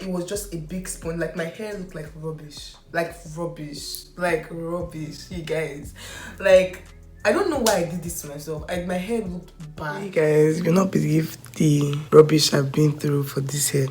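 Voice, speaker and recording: A woman's voice: deep voice, normal speed, a little mellow. A young woman vlogging about her hair, chatting casually and mocking herself, with lots of "like". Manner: chatty, self-mocking, full of "like". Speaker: beauty vlogger. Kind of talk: casual chat to camera and voice-over commentary. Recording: roomy echo, faint music.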